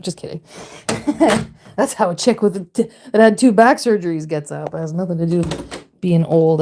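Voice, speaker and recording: A woman vlogger chatting casually and excitably, cooing in baby talk to her pets, with a sore back. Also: lowish voice, moderate pace, slight background noise. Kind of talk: casual chat.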